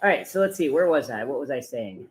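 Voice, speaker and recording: Brewing coffee on a laid-back livestream, this American host speaks quickly in a medium-pitched, expressive voice. He's chatty and self-deprecating, breaking into laughter again and again.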